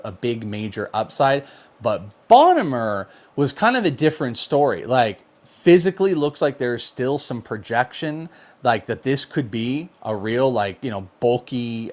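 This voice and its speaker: A man talking as a podcast guest in casual chat, rambling with lots of fillers and growing enthusiastic. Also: mid-range voice. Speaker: podcast guest, prospect analyst.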